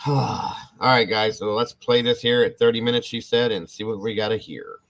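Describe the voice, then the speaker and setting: A man's voice: on the low side, normal speed, vocal fry, fairly bright tone, low-quality recording. A man hosting a casual true crime live stream, chatting loosely and reading comments from the chat.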